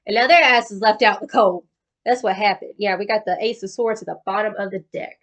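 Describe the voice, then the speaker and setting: A woman's voice: medium pitch, fast, a bit bright. A woman giving a casual tarot card reading in a slangy, profane, chatty way, calling the listener boo-boo. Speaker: tarot reader.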